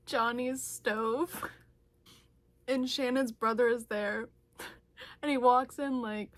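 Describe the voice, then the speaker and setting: A woman's voice: fairly high pitch, steady tone, takes it slowly, long pauses, fairly bright tone. A young woman chatting casually about a book she is reading, laughing often and gushing, recorded on her phone. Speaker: book vlogger. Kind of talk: casual reading vlog chat.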